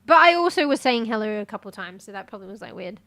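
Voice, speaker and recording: A woman streams a game in loose, casual chat. Her voice sits somewhat high, and she is easily excited and swears without thinking. She drops into quiet muttering and then bursts out loud. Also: rapid-fire. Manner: jumps between quiet muttering and loud outbursts. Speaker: live streamer.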